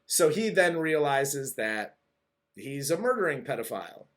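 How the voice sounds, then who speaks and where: A man's voice: mid-range voice, very animated, measured pace, a bit bright. A man co-hosting a casual movie review, recapping the plot in a loose, rambling way with restarts. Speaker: podcast co-host.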